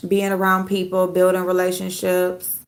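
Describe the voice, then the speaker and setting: Woman vlogger rambling to her viewers, laughs a lot, gravelly fry in her voice. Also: fairly low pitch, monotone, normal speed. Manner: loose, rambling and laughing often. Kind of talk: casual live chat with viewers.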